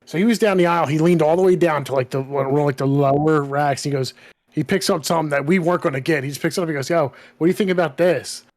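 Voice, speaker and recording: A man's voice: on the high side, fast. A man in casual podcast chat, telling stories with lots of laughter and animation. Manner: animated storytelling, laughing often. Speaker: podcast co-host.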